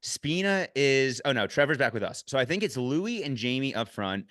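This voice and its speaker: A man casually recapping an ultramarathon with a friend, candid and swearing freely, animated when he retells moments. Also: mid-range voice, moderate pace, no room sound, clean studio sound.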